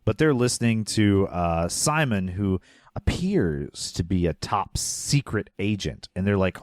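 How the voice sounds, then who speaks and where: A man's voice: fairly low pitch, very animated, a little slow, dry recording, studio quality. A man co-hosting a podcast, casually recapping a movie scene by scene, rambling and trailing off, with a laugh slipping into his lines. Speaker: podcast co-host.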